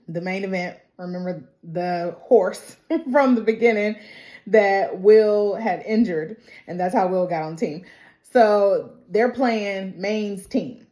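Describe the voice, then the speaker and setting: A woman vlogger chattily recapping a family movie, acting out the characters as she goes. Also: mid-range voice. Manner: chatty, animated, acts out characters.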